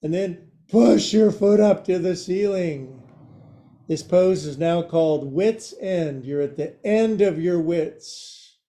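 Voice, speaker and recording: A male yoga teacher leads a live class, slipping jokes in between his cues. His voice is fairly high, soft and mellow, and he speaks slowly with a playful touch.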